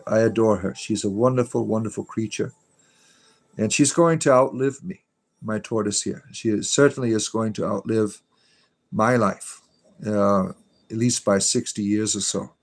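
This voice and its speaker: A man's voice: fairly low pitch, a little mellow, rough recording. A man hosting a casual livestream, talking bluntly and swearing casually. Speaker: livestream host.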